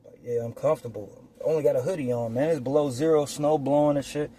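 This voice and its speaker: A man tells a story outdoors in a loose, animated way, swearing freely and acting out moments as they happen. His voice sits at an ordinary middle pitch. A faint hum of outdoor ambience lingers behind him. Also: fast talker. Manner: animated, profane, acts out scenes. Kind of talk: casual storytime. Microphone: phone or camera.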